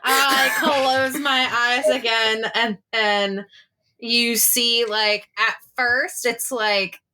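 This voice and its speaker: A woman's voice: mid-range voice, sharp tone. A woman narrating her character's actions in a tabletop game, rambling and swearing casually. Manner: rambling, profane, laughing often. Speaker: player.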